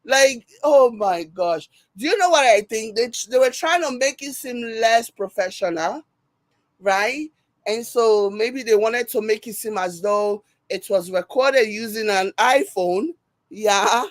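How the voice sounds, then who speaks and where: A woman with a Nigerian accent reacts to a video and reads viewer comments on a live stream. She talks slowly in a fairly high voice and repeats words for emphasis. The sound is dry and close, with no room echo.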